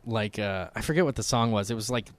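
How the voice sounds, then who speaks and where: A man's voice: fairly low pitch, fast talker, no echo. Profane man telling stories on a podcast. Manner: loose, profane, storytelling, slips into voices. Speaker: podcast co-host. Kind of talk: casual podcast chat.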